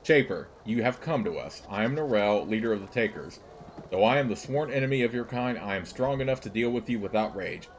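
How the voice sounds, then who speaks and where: A man voicing an old, bitter female servile rebel leader, speaking slowly in halting, broken phrases. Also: fairly low pitch, animated, slight background noise. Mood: grim.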